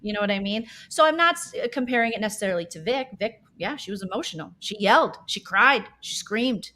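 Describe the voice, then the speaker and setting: Bright, emphatic woman co-host. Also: mid-range voice, animated, slight background noise. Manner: opinionated, emphatic, rapid-fire. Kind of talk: casual podcast chat.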